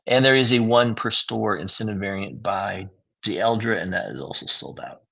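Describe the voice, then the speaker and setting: A man's voice: lowish voice, normal speed, vocal fry, sharp tone, breathy edge. A tired man giving a casual, rambling livestream review of new comics, with lots of fillers. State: tired, yawning.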